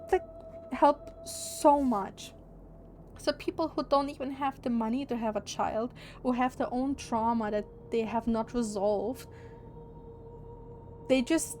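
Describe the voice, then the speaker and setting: A woman's voice: fairly high pitch, darkish tone, slight background noise. A young woman streamer chatting casually and candidly, opinionated and swearing freely. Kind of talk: casual livestream chat.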